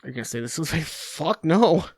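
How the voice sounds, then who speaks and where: A man's voice: a little high, expressive, a little fast, darkish tone, dry recording, clean studio sound. A man hosting a sports podcast, delivering a crude, sarcastic rant from his home office into a computer mic. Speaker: podcast host.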